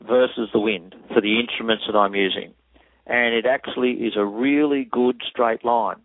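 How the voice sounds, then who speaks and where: A man explains technical measurements in a methodical, measured way. His voice sits at an ordinary pitch. It comes through dry and thin, like a tinny phone line. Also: dry recording. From Australia. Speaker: acoustic engineer guest.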